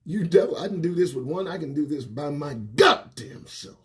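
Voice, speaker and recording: A man hosting his own livestream show, ranting to camera with lots of swearing, jumping between loud outbursts and muttered asides, recorded indoors on a small home set. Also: a little high, expressive, moderate pace. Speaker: host. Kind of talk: profane political rant to camera. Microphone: phone or webcam livestream.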